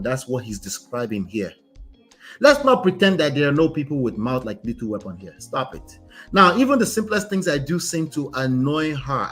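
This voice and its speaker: A man, a relationship coach commenting on a story he reads aloud, speaking emphatically and ending many points with "right?". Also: mid-range voice. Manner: emphatic, tags lines with "right?".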